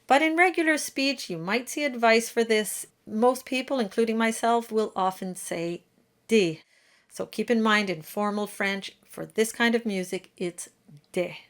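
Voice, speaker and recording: A woman giving a pronunciation lesson for singers, demonstrating each sound slowly and precisely. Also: a little high. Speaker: diction teacher. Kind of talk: pronunciation tutorial.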